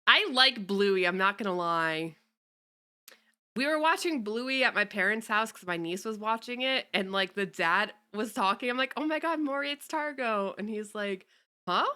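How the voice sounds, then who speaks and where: A woman's voice: mid-range voice, lively intonation, moderate pace, pushed and bright, clear, resonant tone. A young woman streamer chatting casually with her viewers, greeting them and cursing offhandedly. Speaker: VTuber streamer. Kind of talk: casual livestream chat.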